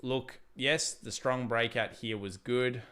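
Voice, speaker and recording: A young livestream trading host talks casually about trading charts, chatty and animated, and reads viewers' super chats aloud. His mid-range voice is clear and resonant and moves at a slow pace.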